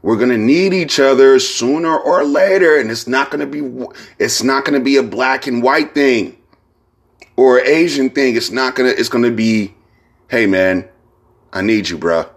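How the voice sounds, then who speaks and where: Speaking at a normal speed in a husky, medium-pitched voice, a podcast host talks on his own. The monologue is loose and rambling, full of slang, swearing and the recurring phrase "you know what I'm saying."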